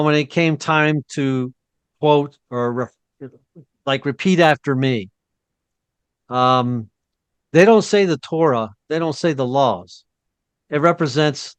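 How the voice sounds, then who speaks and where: A man co-hosts a relaxed talk, drifting into an anecdote. His voice sits a little high for a man. The sound is close and dry, with no room in it. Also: no room sound. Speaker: co-host. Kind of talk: casual storytelling discussion.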